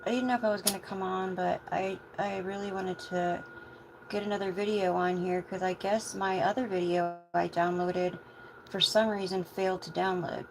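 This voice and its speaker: A woman chatting casually on a livestream as a tarot reader, meandering with soft asides. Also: mid-range voice, flat delivery, normal speed, gravelly, noisy background.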